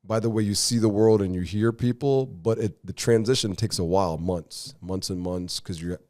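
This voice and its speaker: A man's voice: on the low side, moderate pace, a little mellow, no echo, studio quality. A man as a podcast guest, telling his story in an earnest, reflective way. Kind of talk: casual conversational interview.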